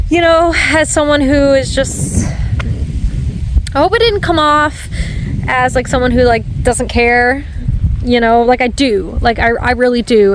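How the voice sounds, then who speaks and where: A woman chats through a rambling story, her voice sitting somewhat high and loose with fillers and quick self-corrections. She talks from her parked car by a quiet dirt road. A faint outdoor and vehicle hum stays in the background. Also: poor audio. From Newfoundland. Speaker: vlogger. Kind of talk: casual storytelling rant.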